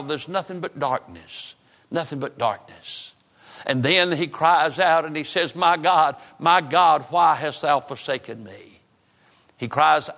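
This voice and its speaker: A man preaching with a high, bright voice, full of fervent repetition that sinks to a hush on the solemn lines. His voice rings through a church hall with a long reverb. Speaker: pastor. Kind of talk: sermon.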